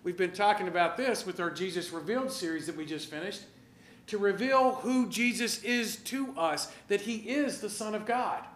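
High-voiced man preaching in an echoey church. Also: moderate pace, a little hiss or hum. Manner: animated, conversational preaching with rhetorical questions. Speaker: pastor. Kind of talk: sermon.

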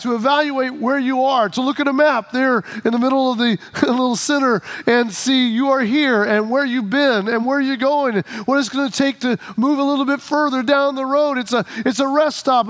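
A pastor with a strikingly high voice for a man preaches to his congregation. He talks casually and tells humorous stories. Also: fairly bright tone. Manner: conversational, humorous storytelling. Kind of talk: sermon.

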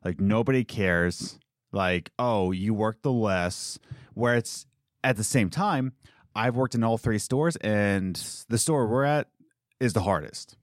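A man's voice: fairly low pitch, takes it slowly, no echo, studio quality. A young man, a coffee shop worker, venting in casual chat, rambling and exasperated, mocking the people he quotes.

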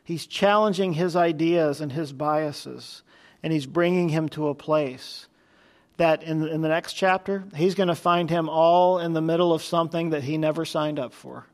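A man preaching a sermon in an easy, conversational way. His voice sits a little high, and he turns to his listeners with earnest questions. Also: steady tone, normal speed. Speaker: pastor.

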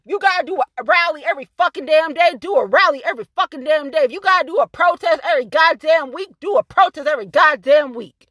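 A woman's voice: high voice, fast talker, hardly any pauses, fairly bright tone, no echo. A woman delivering a furious, profanity-laced rant as a local activist, repeating herself for emphasis. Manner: fiery, cursing, repetitive and emphatic. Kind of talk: angry profane rant to camera.

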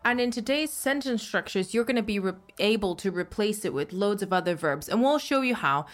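A woman teaching on a language podcast at an everyday mid pitch. She talks easily and conversationally, then draws out the example words slowly and clearly for learners to copy. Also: expressive. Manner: slows down and stretches Mandarin words for learners. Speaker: Mandarin teacher and co-host. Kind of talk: casual lesson explanation.

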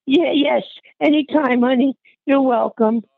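A breathless older aunt speaks warmly on a casual phone call for an interview, addressing the listener as honey. Her voice sits high and creaky, with no echo on the dry, tinny line.

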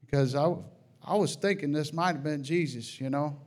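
Earnest man telling a dream testimony. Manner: earnest, halting storytelling with many restarts; rises high and loud at emotional peaks. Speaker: Christian sharing a testimony. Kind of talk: personal testimony.

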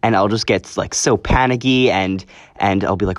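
Teenage boy, podcast host, low-ish voice, earnest, rambling, dry close sound. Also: normal speed, dry recording. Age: teens. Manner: rambling, earnest, self-correcting. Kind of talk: casual solo podcast talk.

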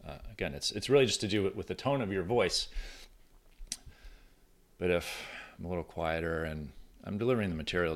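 Low-voiced man hosting a casual podcast. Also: a bit bright. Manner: conversational, many restarts and self-corrections. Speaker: podcast host. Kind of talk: casual solo podcast talk. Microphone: recording on camera at desk.

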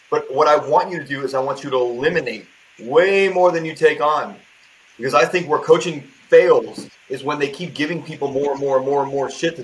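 A man's voice: medium pitch, a bit bright, slight background noise, low-quality recording. An American man, a coach, talking casually and emphatically on a podcast as a guest. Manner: emphatic, motivational.

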